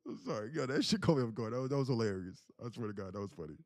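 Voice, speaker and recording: A man's voice: mid-range voice, lively intonation, racing, darkish tone, dry recording. Male day trader on a live stream, casual and jokey, dry close mic. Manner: casual, laughs a lot, talks to chat.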